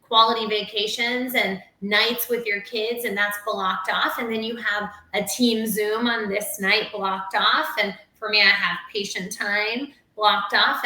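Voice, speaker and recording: Female guest, bright tone, talks in long loose runs, roomy sound. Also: mid-range voice. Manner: chatty, rambling with fillers. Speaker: holistic doctor guest. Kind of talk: casual live-stream chat.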